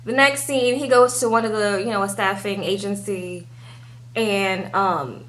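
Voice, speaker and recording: A woman's voice: mid-range voice, measured pace, fairly bright tone. A young woman giving a casual recap of a reality TV episode, chatting away and tagging her sentences with "okay?". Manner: acts out the cast members' lines. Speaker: TV show recap vlogger.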